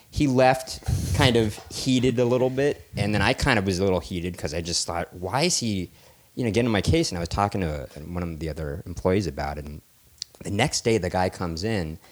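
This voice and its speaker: A man's voice: sits low, fairly quick. A man co-hosting a casual podcast, telling a long rambling anecdote and chuckling between phrases. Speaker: podcast co-host. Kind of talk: casual chat, storytelling.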